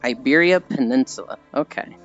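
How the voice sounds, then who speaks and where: This American streamer speaks in a mid-range voice at a normal speed, chatting casually, rambling, and reading chat messages aloud. He's chatty and laughs at his own stories, and the recording is dull and lo-fi with faint music behind him.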